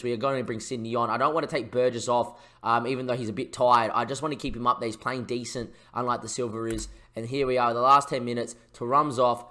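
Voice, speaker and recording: A man doing excitable mock football commentary over a video game, shouting when goals go in and chatting to his viewers in between. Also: mid-range voice. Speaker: gaming YouTuber.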